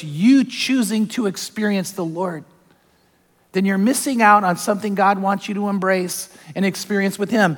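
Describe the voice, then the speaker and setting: High-voiced man preaching in a reverberant church. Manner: conversational preaching with acted-out quotes and asides. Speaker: pastor. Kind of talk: sermon. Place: church sanctuary.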